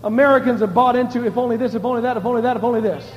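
A man preaching a sermon as a pastor, animated, moving between shouts and hushed asides and laughing often. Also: extremely high pitch, racing, long reverb tail, muffled recording.

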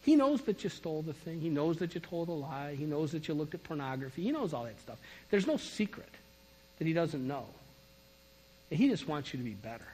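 A middle-aged man preaching a sermon, telling his story in an animated, emphatic way. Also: a little high, brisk, slight background noise. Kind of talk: sermon testimony. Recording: long reverb of a large hall.

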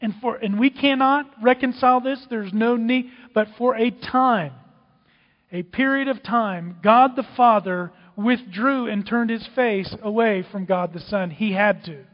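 A man preaching a sermon, dramatic, swinging from loud outbursts to hushed whispers. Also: extremely high pitch, a little slow. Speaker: pastor. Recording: dull, with long hall reverb.

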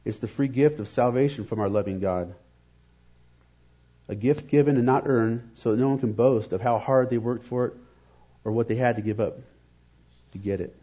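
A man with a husky, somewhat breathy voice delivers an earnest devotional sermon at a steady middle pitch. He talks reflectively and poses rhetorical questions. The recording sounds dull and lo-fi. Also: normal speed, long pauses.

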